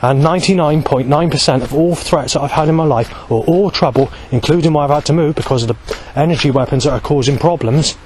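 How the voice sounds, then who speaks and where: A man in his forties vlogs beside a road under a bridge, rambling to camera in an agitated, aggrieved monologue that keeps restarting and circling back. He speaks a little fast with few pauses, in a fairly high, slightly mellow voice. Traffic passes on this rough recording.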